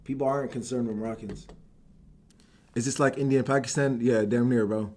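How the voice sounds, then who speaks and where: A man's voice: mid-range voice, fairly even intonation, a little fast, darkish tone. A young man from Algeria ranting on a live stream, heated and swearing, calling everyone "bro". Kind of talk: casual stream rant.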